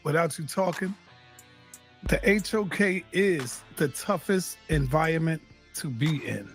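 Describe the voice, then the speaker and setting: A man moderating a live online debate show, firmly and repeatedly telling his guests to calm down. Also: fairly high pitch, a little slow, soft background music. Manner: repeatedly tells others to calm down, soothing but firm.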